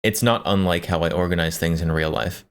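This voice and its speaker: Man, livestreamer, deep voice, laid-back joking, chats with viewers. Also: steady tone, brisk, clean tone. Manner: joking, laughs often, talks to chat. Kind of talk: casual reaction stream chat.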